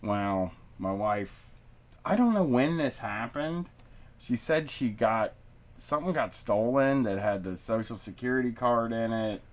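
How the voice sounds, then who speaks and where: A man's voice: mid-range voice, expressive, a little slow. Rambling, swearing middle-aged male host. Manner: loose, rambling, swears freely. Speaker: podcast host. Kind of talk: casual chat. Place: studio basement.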